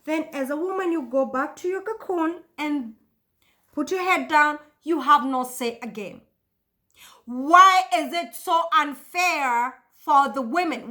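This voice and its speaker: A woman vlogger talks to camera in a passionate, emphatic way and repeats her points. Her voice is high and bright. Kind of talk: casual monologue to camera.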